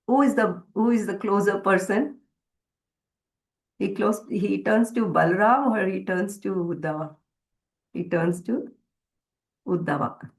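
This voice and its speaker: A woman's voice: medium pitch, gravelly, darkish tone, rough recording. A woman teaching a devotional scripture class. She retells a story hesitantly, with many fillers and restarts.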